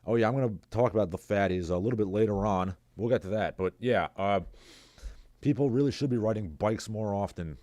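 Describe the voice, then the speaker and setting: With a mellow, lowish voice and a brisk pace, a male livestream host offers casual solo commentary in an echo-free recording. He's sarcastic and rambling, stopping to read viewers' chat messages aloud.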